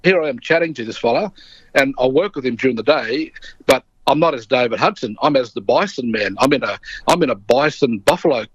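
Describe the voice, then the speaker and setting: A man's voice: medium pitch, brisk, slightly rough, dry recording, dull audio. A middle-aged Australian man telling a story as an interview guest, acting out the voices of the people in it. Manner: lively yarn-spinning, acting out voices in his stories. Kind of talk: casual anecdote telling.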